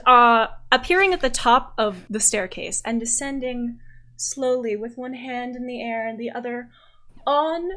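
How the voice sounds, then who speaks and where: A woman's voice: a little high, a bit bright. A woman game master narrating a tabletop game in a descriptive, storytelling way.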